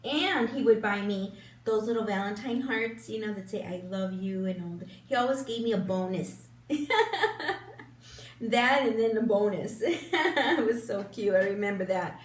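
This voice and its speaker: A woman's voice: medium pitch, moderate pace. A woman in her fifties, a beauty vlogger chatting casually while getting ready, rambling with lots of ums and restarts. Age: 50s. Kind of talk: casual get-ready-with-me chat. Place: room at home in front of a big lit mirror. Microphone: camera a little way off, turned sideways. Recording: roomy echo, voice a bit distant from the mic.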